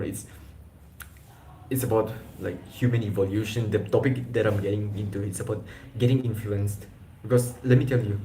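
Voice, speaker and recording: A man's voice: on the low side, warm tone, a little hiss or hum. A young man chatting casually on a live stream, rambling with slang and restarts. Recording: echoey room.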